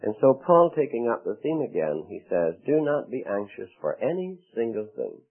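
A man preaching a sermon, expressive, with dramatic pauses and acted-out quotes. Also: medium pitch. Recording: tinny phone-like radio broadcast.

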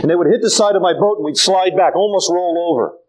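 High-voiced animated older male preacher. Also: fast, rough recording. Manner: animated, folksy storytelling with humor. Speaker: pastor. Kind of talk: sermon.

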